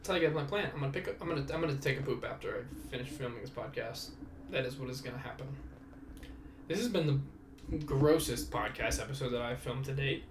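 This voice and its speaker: A man's voice: mid-range voice, fast, background noise. A young man hosting a casual solo podcast, rambling and self-mocking, swearing freely. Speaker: podcast host.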